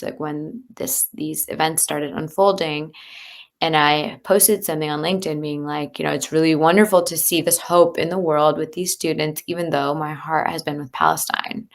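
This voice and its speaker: An American leadership coach speaks as a guest in a conversational interview, her voice low-pitched and a bit bright. She talks candidly and earnestly, using many fillers.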